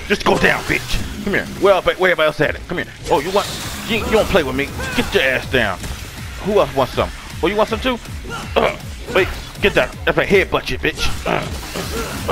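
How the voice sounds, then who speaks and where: A man's voice: a little high, creaky. A man streaming a game he is playing for the first time, giving profane, hyped commentary and repeating his words. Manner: trash-talking, hyped, repeats phrases. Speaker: gaming streamer. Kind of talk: profane let's-play commentary. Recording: game music underneath.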